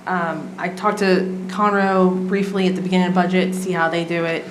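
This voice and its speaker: A woman's voice: lowish voice, flat delivery, normal speed. A woman, a city staff member presenting a budget item at a council meeting in a casual way with many filler ums. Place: council chamber. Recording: echoey chamber, background noise.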